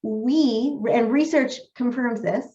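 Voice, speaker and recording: Speaking slowly in a high, mellow voice, a woman leads a live webinar as a health coach trainer. She poses questions to her audience over video call in an upbeat, encouraging way, though the audio is echoey and dull.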